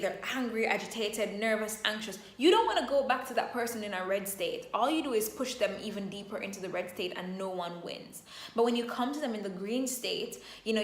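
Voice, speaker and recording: Woman giving emphatic motivational talk, echoey room. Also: medium pitch. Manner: emphatic, drawn-out affirmations. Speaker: self-empowerment coach.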